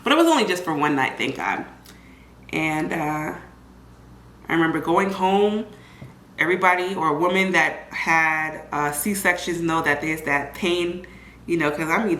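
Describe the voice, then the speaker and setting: A young woman tells her own story in a loose, chatty vlog style. She is animated and often slips into other people's voices as she tells it. Her voice rings in an echoey room, with a faint hum of ambient noise behind her. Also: low-pitched.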